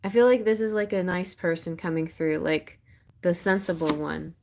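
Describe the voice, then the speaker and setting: A woman's voice: lowish voice, fairly even intonation, moderate pace, creaky, darkish tone, a little hiss or hum. A woman giving a live-stream tarot reading in a chatty, encouraging way, laughing often. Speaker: tarot reader.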